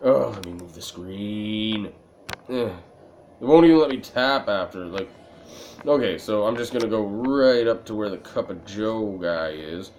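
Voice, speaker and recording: A man's voice: fairly low pitch, expressive, a little slow, a little mellow, slight background noise. A man casually commenting as he plays a video game, joking, profane and rambling. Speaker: let's play gamer.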